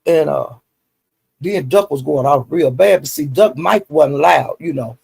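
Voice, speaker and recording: Man, high voice, gravelly and husky, rambling folksy recap. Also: normal speed, darkish tone. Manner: rambling, folksy, full of fillers and acted-out quotes. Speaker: YouTube commentary host. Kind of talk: casual recap of online drama.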